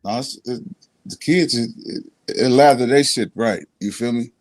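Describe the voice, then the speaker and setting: A man's voice: medium pitch, normal speed, dry recording. A laid-back man in casual, profane podcast banter who laughs often.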